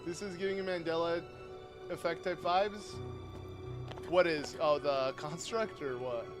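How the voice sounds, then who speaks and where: Chatty streamer, fairly high voice. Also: male voice, unhurried. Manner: rambling, chatty, answers chat aloud with sudden loud outbursts. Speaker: livestreamer playing a game. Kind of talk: casual live-stream chat with viewers. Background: game music.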